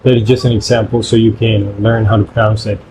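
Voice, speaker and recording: A man whose first language is Spanish, teaching pronunciation in English by repeating syllables in slow drills. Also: lowish voice, flat delivery, noisy background. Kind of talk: pronunciation lesson.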